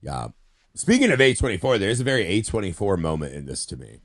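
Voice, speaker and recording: Man, podcast co-host, casual movie chat, lively swooping voice, acts out quotes. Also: on the low side, quick pace. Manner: animated retelling of scenes with acted-out quotes and laughs.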